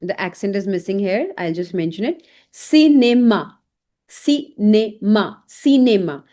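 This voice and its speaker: A woman teaching an online French lesson in English, speaking slowly and saying each example word several times. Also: medium pitch, animated, warm tone.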